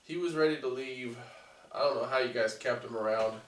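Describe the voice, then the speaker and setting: A man co-hosting a laid-back podcast, adding dry quips and side comments. He speaks at a middle pitch. He sounds far from the mic, with a lot of room echo. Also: a little fast. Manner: dry joking asides. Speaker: podcast co-host. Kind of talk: casual wrestling chat. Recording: roomy, distant mic.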